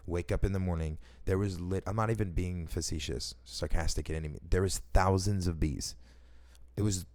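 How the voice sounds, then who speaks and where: With a deep voice, a man rambles casually through his own stories. His excitable, slang-heavy delivery is peppered with swearing and restarted sentences.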